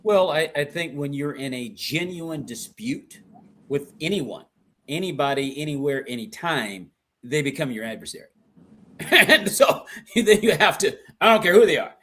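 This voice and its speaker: A man's voice: fairly high pitch, animated, a bit bright. Man hosting a panel chat. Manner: encouraging, quick interjections. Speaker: host.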